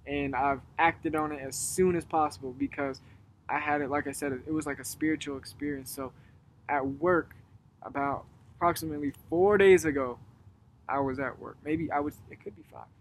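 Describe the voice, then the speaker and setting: A young man in casual chat outdoors, telling a story in a rambling way, getting animated when he retells it. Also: on the high side, normal speed, slight background noise. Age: young adult. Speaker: guest. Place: outdoors at dusk.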